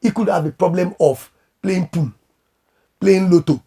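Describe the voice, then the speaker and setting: A man who is a pastor and marriage coach, giving animated advice in conversation and acting out quoted voices. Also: high-pitched, a little slow, slightly rough.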